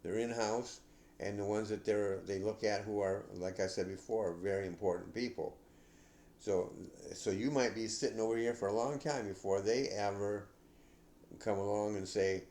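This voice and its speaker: An older man hosting a podcast, giving casual advice in a rambling, halting way with many restarts. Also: on the low side, steady tone, darkish tone, roomy sound. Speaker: podcast host.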